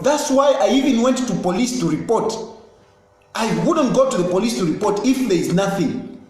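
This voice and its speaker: Brief: high-pitched politician, insistent and repetitive, recorded in a very echoey room. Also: male voice, lively intonation, moderate pace, a little mellow. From Zambia. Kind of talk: impassioned political statement.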